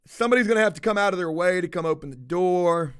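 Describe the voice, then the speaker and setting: A man's voice: sits high, lively intonation, quick pace, fairly bright tone, clear, resonant tone. A man telling a heated, profanity-heavy story in a casual monologue with lots of emphasis.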